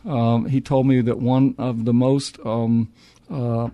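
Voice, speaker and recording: A man's voice: mid-range voice, flat delivery, takes it slowly, no room sound, muffled recording. A man, an author answering interview questions with many restarts and fillers. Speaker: author and historian.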